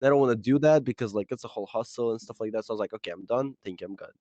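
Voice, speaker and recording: A man's voice: medium pitch, racing, dark tone, no echo. A young man co-hosts a casual podcast chat and rambles through a story, swearing and laughing as he goes. His voice comes through a dull, muffled mic. The sound is close and dry, with no room around it. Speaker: podcast co-host.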